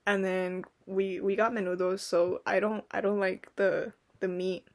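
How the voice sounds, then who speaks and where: A woman's voice: medium pitch, flat delivery, a little slow. A young woman in casual podcast chat, telling rambling stories full of "like" and "um" and acting out quotes. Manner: rambling storytelling, lots of "like" and "um", acts out quotes. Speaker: podcast co-host.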